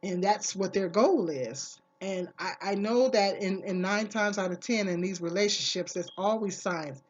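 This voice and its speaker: A woman's voice: medium pitch, moderate pace, muffled recording. A woman vlogger talking casually to camera, giving earnest, emphatic advice and repeating her key phrases.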